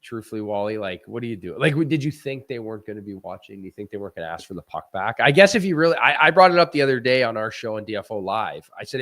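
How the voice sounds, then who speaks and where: Animated rambling ex-goalie man. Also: lowish voice, fast, hardly any pauses. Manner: animated, rambling with restarts and laughs. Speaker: former goaltender, guest analyst. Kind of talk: casual post-game chat.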